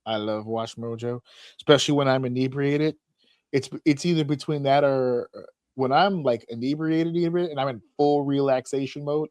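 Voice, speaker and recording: Speaking at medium pitch with no echo on the recording, this male podcast host is an animated storyteller. His casual chat is full of funny stories, voices he acts out, and frequent laughter.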